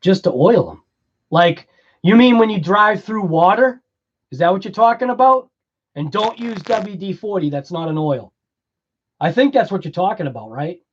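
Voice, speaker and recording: A man's voice: high-pitched, animated, moderate pace, highs cut off. A man with a Boston accent hosting a casual livestream, chatting with viewers, laughing often and rambling through explanations. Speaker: livestream host.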